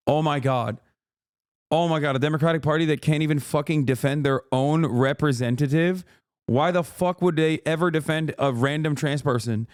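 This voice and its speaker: A man's voice: fairly high pitch, moderate pace, no room sound, studio quality. A man streaming live, reacting to the news in a profane, exasperated rant to his chat.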